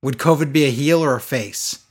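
A man's voice: medium pitch, moderate pace, slightly rough. Sarcastic man ranting about a show. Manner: sarcastic, exasperated, mocking. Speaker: wrestling show reviewer. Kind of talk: casual chat.

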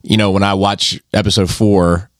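A man with a lowish voice chats on a podcast, laid-back and easy to laugh, swearing freely. The sound is dry and close, with no room echo. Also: level tone, normal speed. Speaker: podcast co-host. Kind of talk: casual chat.

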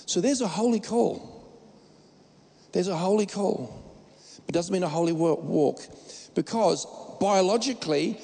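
Gravelly high-voiced preacher. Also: male voice, expressive, normal speed, warm tone, in a large hall. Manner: joking, emphatic preaching with restarts. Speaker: pastor. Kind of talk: sermon.

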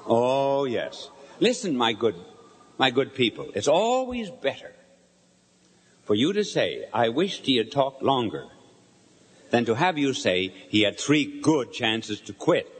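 Older male preacher, very expressive pitch, live sermon in a reverberant hall, chatty with the audience. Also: measured pace. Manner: animated storyteller, asks the audience questions. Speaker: bishop preaching.

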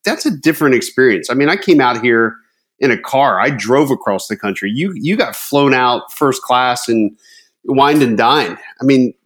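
Male podcast host, mid-pitched, easy conversational interviewer. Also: expressive, moderate pace, fairly bright tone. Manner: conversational, with restarts and "I mean".

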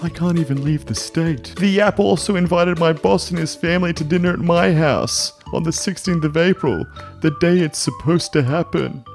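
A man's voice: a little high, normal speed, creaky, faint music behind. A man playing a worried office worker giving an earnest testimonial in a sketch comedy podcast. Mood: anxious. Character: anxious office worker trapped by a sinister app.

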